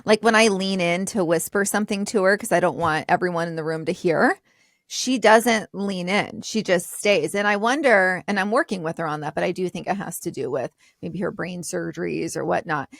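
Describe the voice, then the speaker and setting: A woman's voice: on the low side, normal speed, creaky, no echo, clean studio sound. Straightforward woman podcast co-host. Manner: straightforward, laughs often. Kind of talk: casual chat.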